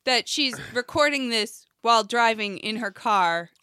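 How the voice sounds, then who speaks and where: A woman's voice: on the high side, lively intonation, unhurried, pushed and bright, clean tone. A woman co-hosting a talk show, making wry remarks. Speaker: co-host. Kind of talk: casual commentary.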